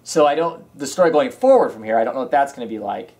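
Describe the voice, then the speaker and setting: A man's voice: mid-range voice, lively intonation, fast, darkish tone. A man co-hosting a casual comic book chat, rambling and hesitant, with frequent restarts. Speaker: podcast co-host. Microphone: camera mic.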